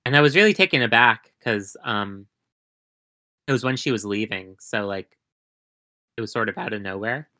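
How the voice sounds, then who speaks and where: A woman chatting casually as a podcast guest, telling rambling, animated stories and swearing often. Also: rumbling low, moderate pace, long pauses. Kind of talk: casual chat.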